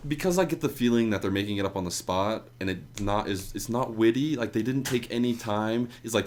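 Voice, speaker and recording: A man's voice: on the low side, brisk, few pauses, darkish tone, a little hiss or hum. A man co-hosting a movie review podcast, rambling and trailing off as he talks. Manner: rambling, trailing off mid-sentence. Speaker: podcast co-host. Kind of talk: casual movie review chat.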